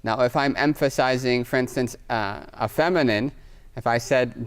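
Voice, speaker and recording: Gravelly man teaching grammar, checking "right?". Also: mid-range voice, normal speed. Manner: explains patiently with frequent "right?" checks, writing examples on a board. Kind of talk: classroom lecture.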